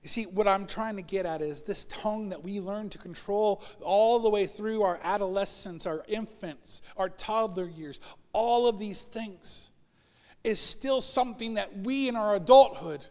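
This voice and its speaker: His voice is high and his pace measured as the pastor delivers a sermon in an echoing church sanctuary. He tells stories in an animated way, performing the voices of those he quotes.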